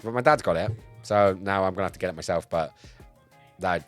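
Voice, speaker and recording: A man streaming live in casual chat, a bit tipsy, excitable and swearing, swinging between loud outbursts and low mumbles. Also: brisk, soft background music. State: tipsy from cider.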